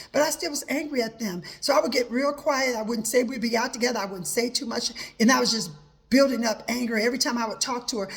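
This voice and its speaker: A woman's voice: high-pitched, a bit bright. A woman hosting a personal advice talk, telling her own story earnestly and quoting herself with many repetitions of "I said". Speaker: host.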